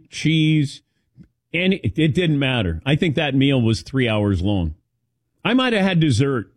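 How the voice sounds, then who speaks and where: A man's voice: mid-range voice, dry recording. A man hosting a casual chat show, telling rambling personal stories. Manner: rambling anecdotal storytelling. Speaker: host.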